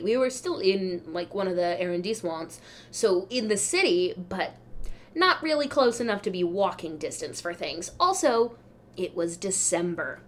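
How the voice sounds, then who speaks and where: A young adult woman hosting a podcast, telling travel mishaps in a chatty, wry, self-deprecating way. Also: mid-range voice. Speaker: podcast host. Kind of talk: casual travel storytelling.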